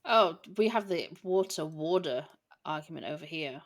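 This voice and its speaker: A woman in her late thirties co-hosts a relaxed podcast and tells everyday stories in a chatty way. Her voice sits slightly low. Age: 30s. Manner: chatty storytelling, quick laughs. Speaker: podcast co-host. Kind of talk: casual chat.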